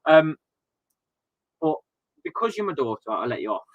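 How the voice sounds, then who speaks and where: A man's voice: fairly high pitch, big pitch swings, normal speed, no echo, highs cut off. A man in his thirties chatting casually and ranting with swearing on a live football watchalong stream.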